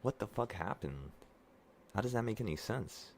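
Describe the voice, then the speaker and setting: A very deep male voice, worn down by illness, rattling through live trading commentary. He curses at himself, exclaims at the charts and talks straight to his viewers. Faint room ambience sits under it. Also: normal speed, vocal fry, a little hiss or hum. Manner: excitable, profane, self-talking. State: sick, voice affected by illness. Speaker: trading vlogger.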